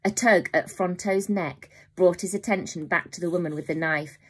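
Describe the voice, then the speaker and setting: Lady teacher reading a kids' novel aloud, calm, kinda low voice. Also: moderate pace, husky. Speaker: primary school teacher.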